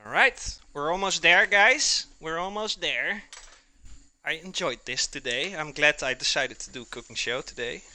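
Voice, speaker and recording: A man's voice: fairly high pitch, expressive, moderate pace, sharp tone. A man hosting a live cooking stream, chatting casually and calling his viewers "guys" as he cooks.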